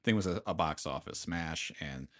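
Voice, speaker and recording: A man's voice: extremely low pitch, moderate pace, fairly bright tone. A man co-hosting a podcast in casual chat, telling the story at length with lots of fillers. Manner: rambling, storytelling with filler words. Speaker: podcast co-host.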